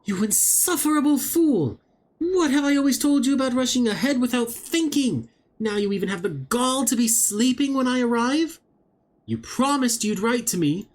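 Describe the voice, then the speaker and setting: A man voicing an anxious young woman who scolds her reckless friend in a raised, shrill tone while reading game dialogue aloud. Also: very animated, moderate pace, warm tone, breathy edge, heavily acted. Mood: exasperated scolding.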